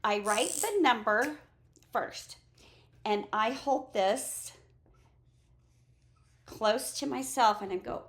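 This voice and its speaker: A woman's voice: mid-range voice, measured pace. A woman preschool teacher casually walking through her classroom materials, acting out routines she uses with the children. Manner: chatty, demonstrates classroom routines aloud. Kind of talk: casual classroom-resource walkthrough.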